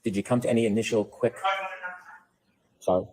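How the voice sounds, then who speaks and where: A man's voice: fairly low pitch, fairly even intonation, fairly quick, dark tone, low-quality recording. A man questioning a witness in court as an attorney, with direct, prompting questions. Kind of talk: courtroom examination.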